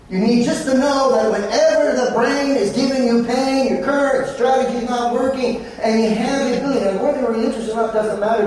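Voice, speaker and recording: A psychologist giving a lively storytelling talk at a conference, acting out conversations with clients. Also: male voice, high voice, a little hiss or hum. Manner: animated, acts out client dialogues in a raised voice. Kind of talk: storytelling presentation to an audience. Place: conference hall. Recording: echoey hall, speaker far from the mic.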